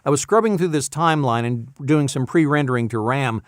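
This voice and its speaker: A man's voice: mid-range voice, a little fast, few pauses, no echo. Voice actor guy rambling about his week, keeps getting sidetracked, super dry close sound. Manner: rambling, easily sidetracked, self-amused. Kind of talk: casual talking-head vlog.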